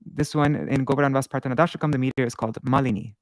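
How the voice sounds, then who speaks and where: Man, gravelly yet smooth voice, dry close sound; casual patient teacher who restarts often and chants rhythms slowly. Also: mid-range voice, steady tone, no echo. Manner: patient, halting, thinks aloud with many restarts; chants syllable patterns slowly to demonstrate. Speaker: Sanskrit meter teacher. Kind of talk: live-streamed casual lesson.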